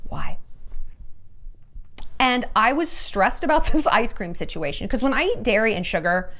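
A woman in her thirties giving relationship advice in a candid talking-head vlog, telling stories with lively acted-out quotes and frank swearing. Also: fairly high pitch, normal speed. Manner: animated storytelling, acts out her own quoted lines.

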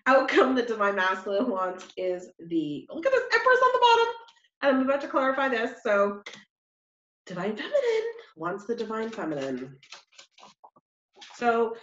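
A chatty woman reads tarot cards in a loose, rambling way, full of fillers. Her pitch moves a lot as she talks. The sound is roomy and slightly muffled. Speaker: tarot reader. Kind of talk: casual tarot reading.

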